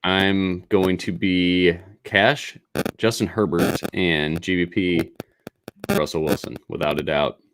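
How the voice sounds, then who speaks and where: A man co-hosting a fantasy football show in casual chat, brisk as he runs the segment with quick picks. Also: sits low, steady tone, a bit bright, low-quality recording. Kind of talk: casual sports betting chat. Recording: faint background noise.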